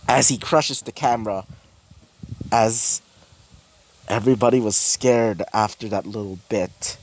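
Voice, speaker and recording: A man improvising a fan-fiction story, halting often and circling back with fillers and restarts. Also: on the low side.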